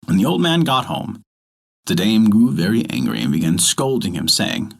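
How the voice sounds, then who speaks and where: Lively husky male storyteller. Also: fairly low pitch, normal speed. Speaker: storyteller and podcast host. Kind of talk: scripted narration.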